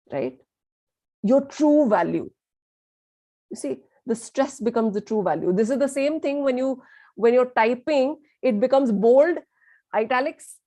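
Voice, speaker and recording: A young woman with an Indian accent teaching an online lesson in a lively way, mixing in Hindi and asking her listeners questions. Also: fairly high pitch, dry recording. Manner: lively, switches between English and Hindi, asks the audience questions. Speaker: communication skills teacher.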